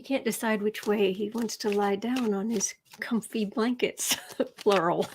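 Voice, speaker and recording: A Southern-accented woman hosts a casual tarot livestream, chatting with viewers, reading their comments aloud and slipping in sarcastic asides, then dropping to soft murmurs as she shuffles. Her medium-pitched voice stays steady at a moderate pace with hardly any pauses. Slight background noise sits under the recording.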